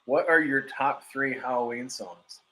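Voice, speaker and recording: A man co-hosting a podcast, chatting casually and telling stories with animated asides. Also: medium pitch, unhurried. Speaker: podcast co-host. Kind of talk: casual chat.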